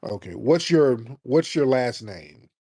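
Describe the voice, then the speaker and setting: Dude hosting a call-in show, blunt and teasing, dry sound. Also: male voice, mid-range voice, animated, slow, mellow, husky, no echo. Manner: brash, mocking, blunt. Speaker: host.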